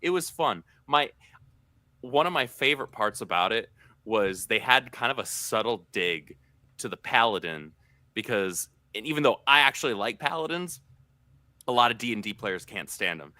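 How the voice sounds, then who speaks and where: Bright, dry-sounding man chatting on a podcast. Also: mid-range voice, lively intonation, moderate pace, no room sound. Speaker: podcast co-host. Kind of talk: casual chat.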